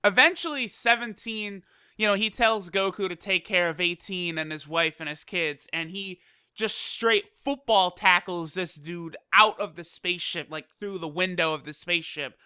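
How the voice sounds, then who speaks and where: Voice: medium pitch, normal speed, sharp tone, clear, resonant tone, no room sound, clean studio sound. A casual anime episode reviewer recapping the plot, chatty and loose, swearing and laughing easily. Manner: loose, full of fillers like "you know".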